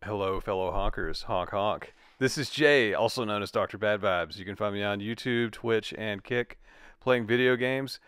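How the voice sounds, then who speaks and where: Dry-humored man with a lowish voice. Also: moderate pace, fairly bright tone, clean tone, no room sound. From United States. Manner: dry, joking, reads with mock emphasis. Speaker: co-host. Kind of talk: casual reading aloud.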